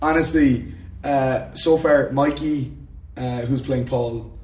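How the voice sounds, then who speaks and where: A man's voice: mid-range voice, fairly even intonation, slow pace, darkish tone, recorded from a distance. An Irish man with a sore throat, chatting casually on a podcast with dry humour and lots of fillers. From Ireland. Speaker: podcast host, filmmaker. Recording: roomy echo, off-mic, faint ambience.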